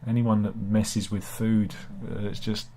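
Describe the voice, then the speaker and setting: A man's voice: fairly low pitch, level tone, unhurried, warm tone, a little hiss or hum. Rambling British man hosting chat. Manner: rambling, self-deprecating, with frequent restarts and asides. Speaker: host. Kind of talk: casual satirical news chat.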